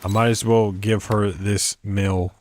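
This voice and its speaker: Low-voiced man rambling over gameplay. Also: level tone, unhurried. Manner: rambling, muses aloud and stumbles over words. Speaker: let's play streamer. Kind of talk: casual gameplay commentary.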